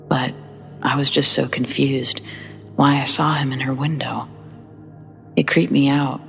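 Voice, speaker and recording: A woman hosting a podcast, reading true scary stories aloud in a hushed, often half-whispered delivery. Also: sits low, creaky. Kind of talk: scripted horror story narration.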